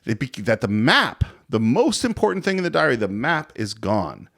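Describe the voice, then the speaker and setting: A man's voice: medium pitch, sing-song, normal speed, vocal fry, a bit bright. A man hosting a casual film podcast, enthusiastic, often laughing and acting out scenes. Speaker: podcast host.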